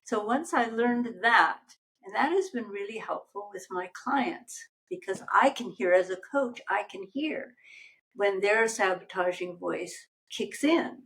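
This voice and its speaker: A woman's voice: mid-range voice, lively intonation, measured pace, fairly bright tone, poor audio. An older woman, a life coach, chatting as a guest and telling stories animatedly while acting out voices. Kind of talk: casual interview conversation.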